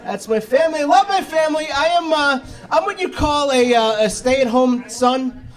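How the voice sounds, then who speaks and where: A man's voice: very high voice, expressive, moderate pace, a crowd in the background. A man in his thirties from New York doing a stand-up comedy set with brash, self-deprecating punchlines. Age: 30s. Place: comedy club stage. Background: audience laughter.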